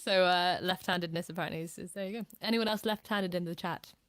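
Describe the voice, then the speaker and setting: A woman's voice: fairly low pitch, fairly even intonation, fast talker, a bit bright, clear, resonant tone, no room sound. Dry-sounding woman hosting a chatty live stream. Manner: chatty, reads out viewer comments. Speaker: host. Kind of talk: casual live-stream chat.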